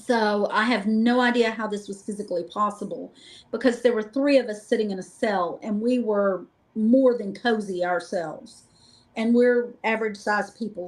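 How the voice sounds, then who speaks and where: A middle-aged woman guest, telling lively, joking stories about a paranormal investigation in a casual chat. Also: medium pitch, low-quality recording. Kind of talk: casual storytelling.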